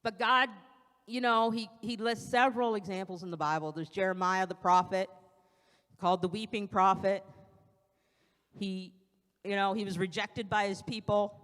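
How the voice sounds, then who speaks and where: A woman's voice: mid-range voice, fairly even intonation, normal speed, fairly bright tone. A woman giving an evening sermon in a conversational way, acting out quotes now and then, speaking into a pulpit microphone in a church sanctuary. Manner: conversational preaching with acted-out quotes. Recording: long church hall reverb.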